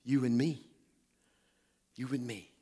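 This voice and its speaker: A man's voice: mid-range voice, fairly even intonation, slow, dark tone, husky. A preacher voicing a grave, devout warrior-king. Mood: solemn. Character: solemn young warrior-king, restrained and devout. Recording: long hall reverb.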